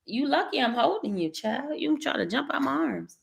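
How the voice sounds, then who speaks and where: A young adult woman with an African American English accent, chatting casually to camera as a mother vlogger, animated, emphatic and often laughing. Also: high-pitched, moderate pace, gravelly.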